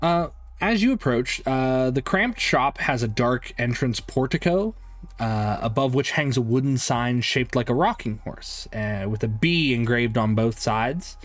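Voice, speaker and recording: A man's voice: medium pitch, animated, unhurried, dry recording. A man narrating a tabletop game as game master, loose and rambling with many fillers.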